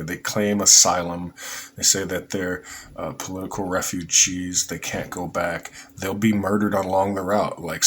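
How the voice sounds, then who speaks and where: A man's voice: sits low, fairly bright tone, a little hiss or hum. A man giving a casual, rambling opinion monologue for his vlog, often restarting his sentences. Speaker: vlogger.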